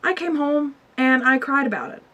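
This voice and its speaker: A woman's voice: high voice, animated, moderate pace, bright, forceful tone. A young woman in her twenties talking casually to camera in a personal vlog, confiding and emotional. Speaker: vlogger. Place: store aisle, indoors. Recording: faint background music.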